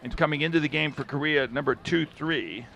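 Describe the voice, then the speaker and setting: Gravelly-voiced male football commentator. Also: fairly high pitch, a little fast, bright, forceful tone, a little hiss or hum. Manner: chatty, reflective asides between plays. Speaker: play-by-play commentator. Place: stadium commentary booth with air conditioner.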